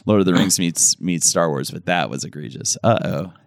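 A man's voice: deep voice, normal speed, gravelly, dry recording, studio quality. A man co-hosting a podcast, chatting casually and animatedly as he watches a movie, exclaiming and griping. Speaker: podcast co-host.

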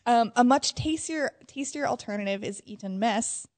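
Higher-voiced woman podcast host, reading a listener email out loud, laughing a lot. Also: normal speed. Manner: giggly, reads aloud with frequent fillers. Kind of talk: casual chat.

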